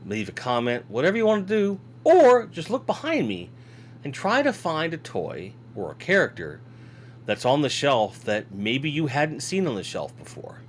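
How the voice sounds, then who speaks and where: His pitch swoops wildly around a mid-range voice at a normal speed as he yawns through a casual toy-collecting live stream. The man reads viewer comments aloud and rambles in a home room backed by toy shelves, with a little hiss or hum audible.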